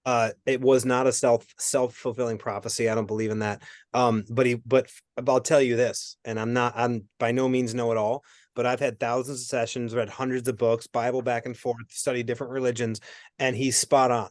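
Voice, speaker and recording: A man working as a medium, giving a reading in a rambling, animated way that often interrupts itself. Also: medium pitch, a little fast, no echo, clean studio sound. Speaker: psychic medium. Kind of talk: spirit reading conversation.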